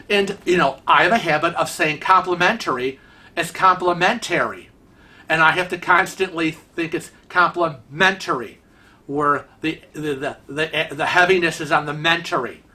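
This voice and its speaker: A vlog host with a touch of a Rochester, New York accent offers casual commentary in a bright, forward voice that sits high. He rambles from point to point, chatty and teasing.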